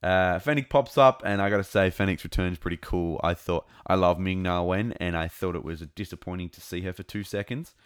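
A low-voiced man with an accent close to New Zealand hosts a casual fan commentary podcast. He talks in a rambling, enthusiastic way, full of fillers and restarts. The sound is dry and close. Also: fairly quick, few pauses, clean tone, no room sound. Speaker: podcast host.

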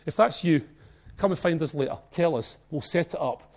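A man with a Glasgow Scottish accent preaching a sermon in a church, emphatic and excitable, swinging between soft and loud. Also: on the high side, normal speed. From Scotland. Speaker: pastor.

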